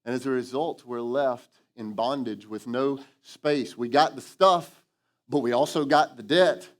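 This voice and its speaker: A man preaching a sermon as lead pastor in a church, lively and animated, acting out quoted voices and calling for responses from the congregation. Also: mid-range voice, unhurried. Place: church sanctuary.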